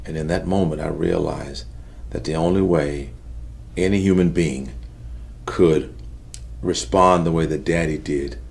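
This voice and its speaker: Gravelly low-voiced man telling his story. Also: fairly even intonation. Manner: earnest, halting storytelling that drops soft at heavy moments. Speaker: interview guest. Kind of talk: personal testimony in an interview.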